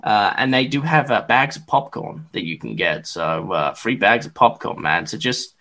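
A male podcast host in relaxed sports chat. His pitch swings widely as he talks, and he pads his sentences with fillers and restarts. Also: moderate pace, vocal fry. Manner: lively, filler-heavy, chatty.

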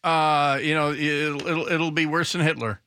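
A man's voice: a little high, little pitch movement, unhurried, bright, forceful tone, smooth, no echo. A man hosting a talk radio show, rambling commentary with sarcastic, mocking asides into a studio microphone.

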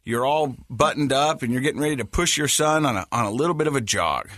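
A man's voice: medium pitch, expressive, fast talker, a bit bright, dry recording, studio quality. A middle-aged man co-hosting a podcast, telling family stories in casual chat and teasing his co-host. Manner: teasing, chatty, quotes people in dialogue.

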